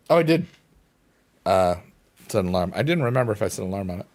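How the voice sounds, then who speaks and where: A man's voice: lowish voice, big pitch swings, brisk. A man chatting casually while playing a mobile game, rambling and goofy, now and then breaking into silly sing-song. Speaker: gaming streamer.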